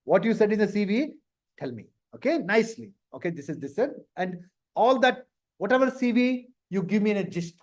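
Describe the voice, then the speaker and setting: A man runs a live career lesson in a bright, high-pitched voice. He speaks straight to his students and often breaks into short, amused impressions of nervous job candidates. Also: brisk. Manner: lively, acts out candidates in mock interview snippets; addresses students directly, laughs often. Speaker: career trainer.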